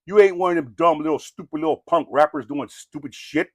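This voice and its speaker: A man's voice: a little high, brisk, darkish tone, slightly rough, no room sound, studio quality. A man from Southern California with a Samoan-tinged accent, delivering a rambling, preachy rant that is blunt and profane and full of "you know what I mean". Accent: Samoan-influenced Southern California. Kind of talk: ranting monologue.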